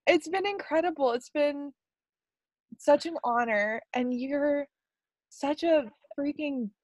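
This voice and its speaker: A young woman hosting a podcast in casual chat, bubbly and quick to laugh, filling her talk with "like". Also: sits high, no room sound. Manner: bubbly, laughs often, many fillers. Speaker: podcast host.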